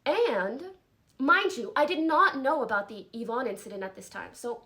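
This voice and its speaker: An emotional young woman speaks to her stream in a fairly high voice. She is earnest and apologetic and sounds close to tears, with a halting delivery. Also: animated, sharp tone. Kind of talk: emotional livestream statement.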